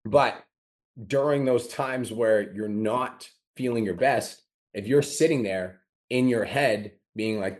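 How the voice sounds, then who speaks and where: A man's voice: mid-range voice, animated, unhurried. A man hosting a podcast, giving a blunt, profane motivational talk and acting out his own inner complaints. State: recovering from a sore throat. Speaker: podcast host. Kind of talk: motivational monologue.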